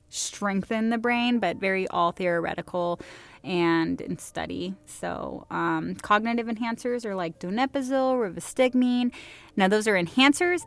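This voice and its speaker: A woman of average pitch gives a recorded lecture in a loose, conversational manner. She often pauses with fillers and restarts her sentences. Soft background music plays faintly throughout.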